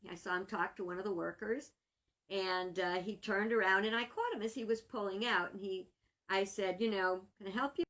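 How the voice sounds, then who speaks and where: A woman minister talking casually to the camera, chatty and quick to laugh. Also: medium pitch, steady tone, a bit bright. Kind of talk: casual storytelling vlog.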